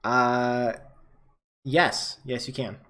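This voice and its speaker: A man's voice: medium pitch, steady tone, drawn-out words, fairly bright tone. Guy running a tabletop game, laid-back, lots of ums. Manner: casual, many fillers. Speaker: game master.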